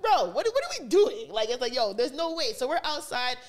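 A young woman, hosting a podcast and telling a story in casual chat, animated and slangy, acting out what people said. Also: sits high, a little fast. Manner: animated, slangy, acts out quotes. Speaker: podcast host.

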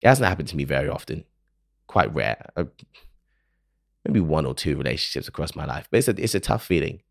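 A man's voice: rumbling low, sing-song, fairly quick, vocal fry, no echo, clean studio sound. A man hosting a podcast, speaking alone in an earnest, reflective and openly emotional way. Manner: earnest, emotional, self-questioning. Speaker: podcast host. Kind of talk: reflective solo monologue.

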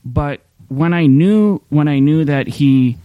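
A man's voice: a little high, takes it slowly, smooth, dry recording, phone-quality sound. A man preaching a sermon in a candid, conversational way, often restarting his sentences. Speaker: pastor. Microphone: streaming camera mic.

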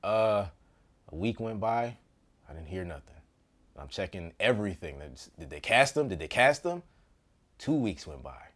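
A man who works as an actor, telling a story from his own life in a casual, comedic way. He laughs often and jumps between loud bursts and hushed asides. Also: on the low side, expressive, measured pace, pauses often.

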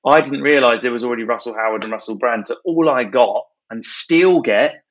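A man in his thirties from England talks as a comedian guest in loose, animated conversation. He keeps telling stories and tossing in little impressions. The recording has a slightly muffled, lo-fi sound. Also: medium pitch. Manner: animated storyteller, quick impressions. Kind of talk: casual chat.

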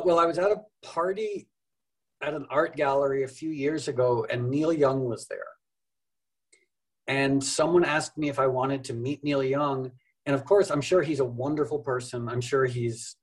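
A man's voice: medium pitch, fairly even intonation, moderate pace, husky, low-quality recording. A middle-aged man, a musician guest on a podcast, talking in a wry, thoughtful, rambling way with self-deprecating humor. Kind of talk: casual interview conversation.

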